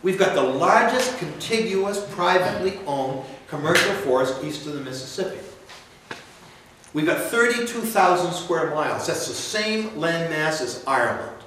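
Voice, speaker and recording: A man delivers a rambling, folksy campaign speech at a university, pitched a little high for a man. The sound is very echoey and picked up from a distance, with faint room hiss underneath. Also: animated, normal speed, fairly bright tone. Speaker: political candidate. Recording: echoey room, mic far off.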